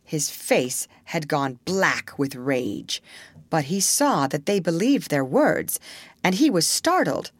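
A woman narrating a storybook in an expressive, measured reading. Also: low voice, dry recording.

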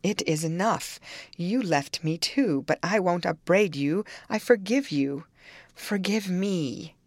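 A woman's voice: on the low side, slow, a little mellow, no echo, clean studio sound. Audiobook role: a clinging, desperate young woman near death, sobbing pleas, read by a woman. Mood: sobbing pleading. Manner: sobbing, pleading, rising to shrieks. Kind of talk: audiobook character reading.

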